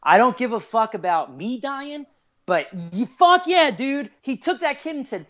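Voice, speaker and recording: A man in his thirties, a guest on a casual podcast, telling stories in an excitable way with lots of swearing. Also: very high-pitched, moderate pace. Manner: animated, swears a lot, excitable. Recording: dull lo-fi podcast audio.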